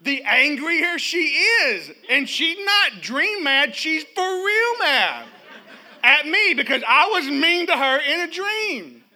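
A middle-aged pastor preaches in a church, telling humorous stories in an animated way and calling out to the congregation for responses. His voice is extremely high and his pace slow.

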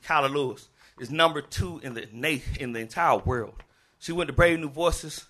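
Animated guy telling a teaching story on stage, husky bright voice, laughs a lot, yells to the crowd. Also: on the high side. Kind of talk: live storytelling talk. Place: live event venue in Memphis.

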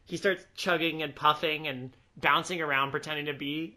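An enthusiastic man co-hosting a relaxed film chat. His voice sits a bit high and has a bright, forward edge. Now and then he slips into short quoted voices. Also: normal speed. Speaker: podcast co-host. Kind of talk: casual film discussion.

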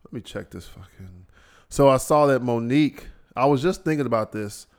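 A man ranting solo on his podcast, swearing freely and sounding exasperated. He keeps slipping into mocking impressions of other people, his pitch swinging up high as he works himself up. His voice sits at an ordinary middle pitch. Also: expressive, moderate pace. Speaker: podcast host.

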